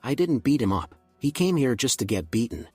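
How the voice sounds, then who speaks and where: Man reading as a smug, calm teenage fighter. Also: mid-range voice, fairly quick, breathy edge, no echo, faint music behind. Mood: taunting. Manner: calm smirking. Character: arrogant teenage boy fighter, calm and blunt.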